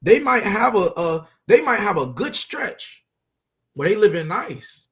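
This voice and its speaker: A man teaching scripture in loose street talk, pressing each point with emphasis and repeated phrases. His voice is high for a man. He keeps it conversational, speaking to a partner. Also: sing-song, unhurried, fairly bright tone. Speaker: religious teacher.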